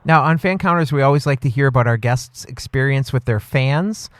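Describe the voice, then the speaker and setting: A man's voice: medium pitch, a little fast, dry recording. A man hosting a podcast, asking questions in a friendly, enthusiastic way. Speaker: podcast host. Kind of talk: podcast interview.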